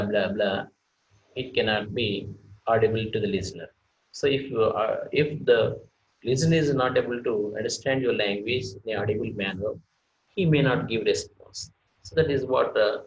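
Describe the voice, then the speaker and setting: A man giving a recorded slideshow lecture, halting, with many fillers and restarts. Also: mid-range voice, poor audio.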